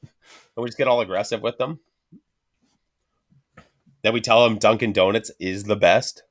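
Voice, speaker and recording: Brief: low-voiced male podcast host, crude profane banter. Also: steady tone, moderate pace. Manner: crude, joking, heavy swearing.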